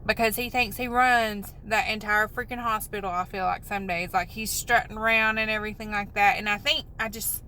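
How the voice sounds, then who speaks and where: Woman, upset rambling vlog rant, bright tone, faint noise behind. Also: mid-range voice, steady tone, a little fast, few pauses, rough recording. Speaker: vlogger. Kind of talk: emotional venting vlog.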